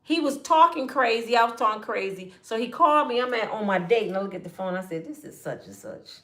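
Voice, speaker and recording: A woman spins a personal story in relaxed, slangy speech and keeps talking straight to her listeners. She acts out the people in it, sometimes hushing way down, sometimes getting loud. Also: fairly high pitch, quick pace. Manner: animated, acts out quotes with hushed and raised voices; colloquial, addresses listeners as y'all. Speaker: storyteller speaking to her audience. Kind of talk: casual storytelling monologue.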